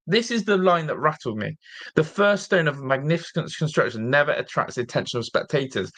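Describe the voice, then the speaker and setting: Exasperated football fan ranting. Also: male voice, on the high side, animated, moderate pace, pushed and bright. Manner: exasperated, repeats himself, mocking. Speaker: fan channel host. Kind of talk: live-streamed football fan rant.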